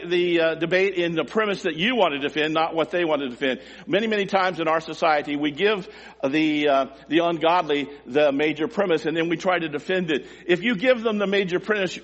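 Emotional preacher guy, kinda high voice, swings loud then hushed, big echoey hall. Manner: swings from loud, high emphasis to quiet, low asides; emotional and emphatic. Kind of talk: sermon.

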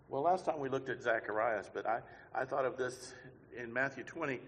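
Man preaching loud and soft in a hall. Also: mid-range voice, fairly quick. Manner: swings from quiet musing to loud shouted preaching; sings a hymn line mid-sermon. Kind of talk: sermon. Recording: long hall reverb.

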